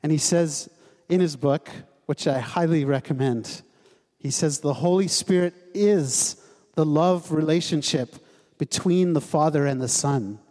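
A man gives a sermon in an easy, conversational way, now and then joking with the congregation and putting questions to them. His voice sits a bit high. Long reverb from the sanctuary trails after his words. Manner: conversational, gently humorous, asks the congregation questions. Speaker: pastor. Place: church sanctuary.

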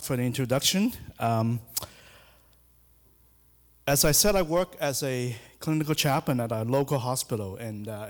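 A middle-aged man delivers a church sermon in a plain, mid-pitched voice. He speaks hesitantly, full of ums and restarts. The sound rings with a long reverb from a church hall. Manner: hesitant, many fillers and restarts. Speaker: hospital chaplain giving a church sermon. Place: church sanctuary.

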